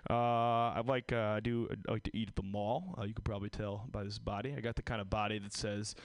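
A man's voice: on the low side, little pitch movement, a little fast, no room sound. A man doing awkward, self-deprecating, upbeat stand-up at an open mic on a stage mic. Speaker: stand-up comedian.

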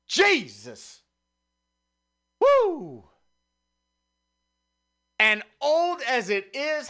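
A man with a very high, bright and sharp voice, hosting a radio talk show. He preaches in a fervent revival manner, dropping to soft murmurs and swelling back up. He sounds a little winded from the passion of it. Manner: swings from hushed murmurs to rising revival-preacher exclamations. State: out of breath. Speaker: radio host. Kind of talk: impassioned preacher-style monologue.

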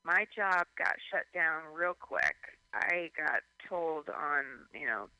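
A man talking in a loose, rambling radio chat, his voice sharp and very bright. He gets animated, piles up "like" and restarts his sentences, and the sound is close and dry. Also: a little high, slow, gravelly, clear, resonant tone, dry recording, low-quality recording. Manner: animated, rambling, heavy use of "like". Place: at home in San Francisco.

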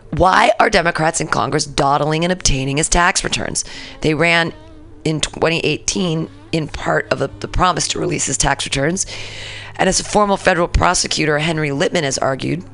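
This radio host from the San Francisco area has a deep, creaky, fairly bright voice. She rants casually and profanely about politics, talking back to the news.

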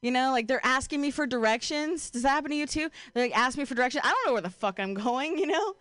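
A young woman works through a stand-up set in a loose, profane, self-deprecating ramble, leaning on "like" and "you know." Her voice sits a touch high and the sound is dry and close to the mic. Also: animated, fast talker, a bit bright, no echo. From Ohio, USA. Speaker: stand-up comedian.

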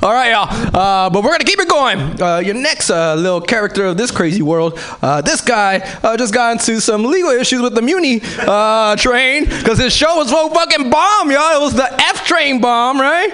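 A man's voice: very high voice, expressive, moderate pace, few pauses, bright, forceful tone, clear, resonant tone. A man hosting a comedy open mic, rambling and crude, with lots of fillers, on a stage microphone. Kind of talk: stand-up emcee banter.

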